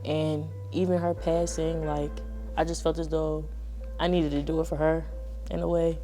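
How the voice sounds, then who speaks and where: Woman, early twenties, graduating student, heartfelt testimonial, conversational, mellow tone. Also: deep voice, level tone, normal speed, soft background music. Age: early 20s. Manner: earnest, heartfelt, conversational with many "like"s. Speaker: graduating college student speaker. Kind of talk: personal testimonial talk.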